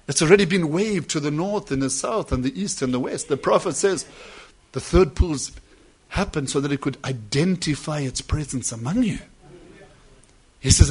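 A man preaching a sermon, dropping to soft asides and then rising to loud, drawn-out emphasis. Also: a little high, slightly rough.

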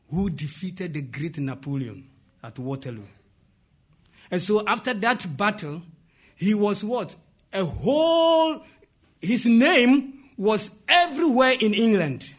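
Husky preacher man telling a story. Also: high-pitched. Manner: call-and-response, asks "what?" for the congregation to fill in; interjects "praise God" and "amen". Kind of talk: sermon storytelling.

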